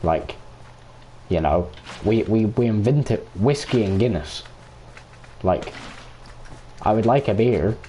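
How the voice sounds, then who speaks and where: An Irish man with a lowish, dark and mellow voice rants through casual gaming chat. He swears constantly and keeps talking while he plays, with a faint hiss of noise under him. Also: lively intonation, slow pace, long pauses. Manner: profane, ranting, talks over gameplay. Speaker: streamer.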